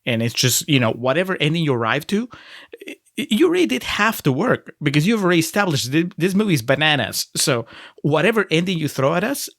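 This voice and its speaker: A man's voice: a little high, sing-song, a little fast, fairly bright tone, no room sound, studio quality. A man co-hosting a casual film podcast, rambling and laughing as he talks it through, with frequent restarts. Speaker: podcast co-host.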